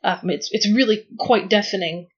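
A woman's voice: mid-range voice, moderate pace, slightly rough, dull audio. A woman playing a tabletop game, describing her character's actions in a hesitant, thoughtful way. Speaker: player.

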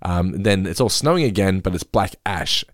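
A man hosting a casual podcast, recapping an episode quickly with swearing and laughing asides. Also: low-pitched, expressive, dry recording. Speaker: podcast host. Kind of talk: casual episode review chat.

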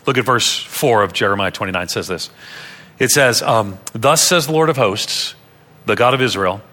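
Bright-voiced pastor preaching a sermon. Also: male voice, lowish voice, expressive, moderate pace. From Long Island, New York. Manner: earnest teaching, repeats key phrases for emphasis.

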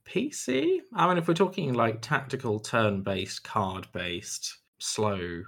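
A man's voice: on the low side, animated, slow pace, creaky, fairly bright tone. A man co-hosting a podcast in casual chat, laid-back, often answering with brief agreeing remarks. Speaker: podcast co-host. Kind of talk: casual chat about video games.

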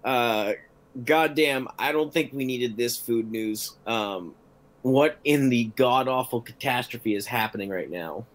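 A man's voice: mid-range voice, a little slow. Male podcast co-host, easygoing, opinionated. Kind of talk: casual podcast chat.

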